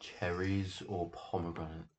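A man co-hosting a casual podcast chat, talking in a deadpan, offhand way. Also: low-pitched, a little slow, slight background noise. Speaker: podcast co-host. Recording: dull lo-fi sound.

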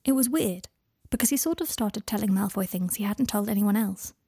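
A woman reading fan fiction aloud in a calm, even narrating voice. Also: medium pitch, a little fast, vocal fry, slightly rough, no echo, clean studio sound. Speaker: reader.

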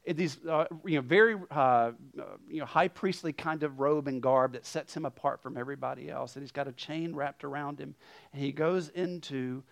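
A male guest pastor preaching a sermon, telling a story with lively swings between loud emphasis and hushed asides. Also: fairly high pitch, normal speed, vocal fry.

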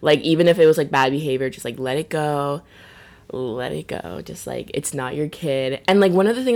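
A young woman telling stories in casual chat, animated and full of "like". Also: low voice, a little fast. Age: young adult. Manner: chatty, animated storytelling with lots of "like". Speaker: podcast co-host.

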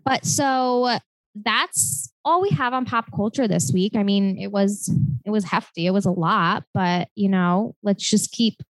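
A woman's voice: medium pitch, unhurried, no room sound, poor audio. Chatty young woman podcast co-host. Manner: chatty, lots of filler words. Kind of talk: casual chat.

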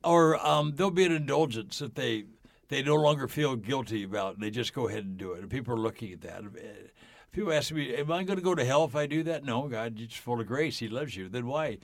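A man's voice: mid-range voice, a little fast, gravelly, no room sound, studio quality. An older man, a podcast guest, telling stories with enthusiasm and acting out the dialogue. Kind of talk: storytelling in a faith podcast.

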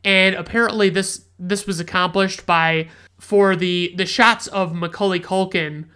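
A woman's voice: fairly low pitch, a bit bright, smooth. A woman hosting a casual film review podcast, retelling scenes in a rambling, profane way with frequent restarts and fillers. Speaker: podcast host reviewing films.

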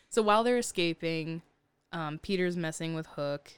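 A young woman casually recapping a film with a friend, talkative and quick to laugh. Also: lowish voice, background noise. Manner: chatty, laughs often, recaps with filler words. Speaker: podcast co-host. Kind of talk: casual chat.

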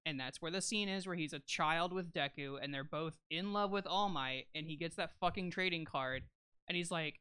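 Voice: mid-range voice, normal speed, bright, forceful tone, clear, resonant tone. A young podcast co-host in casual chat, laid-back and explaining points at length with some swearing.

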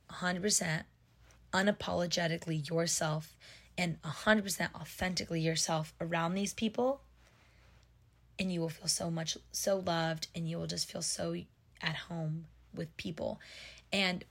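A young woman in her twenties talks through a casual, heartfelt podcast monologue. Her voice sits a little low and carries a lot of vocal fry. She speaks with many fillers and sounds close to tears in places. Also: a bit bright. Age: 20s. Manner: heartfelt and emotional, filler-heavy. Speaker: podcast host.

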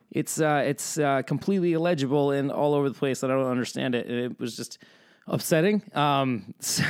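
A man's voice: medium pitch, clean tone, dry recording, clean studio sound. A young man hosting a podcast in casual chat, rambling and joking at his own expense with exaggerated complaints. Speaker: podcast host.

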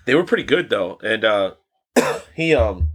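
A man's voice: fairly low pitch, very animated, unhurried, a bit bright, husky, faint music behind. A young man co-hosting a podcast in casual chat, laid-back, swearing a lot and laughing often. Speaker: podcast co-host.

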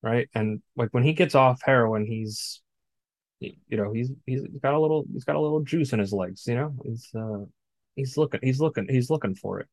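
A man's voice: mid-range voice, moderate pace, no room sound. A man co-hosting a podcast, recapping a film in casual chat, blunt and profane. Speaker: podcast co-host. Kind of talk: casual movie discussion.

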